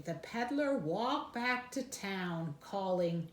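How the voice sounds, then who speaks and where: Slow, sing-song woman reading a storybook. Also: sits high. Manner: expressive, sing-song, gasps for effect. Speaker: storyteller for children. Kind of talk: storybook read-aloud. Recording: roomy echo, faint background noise.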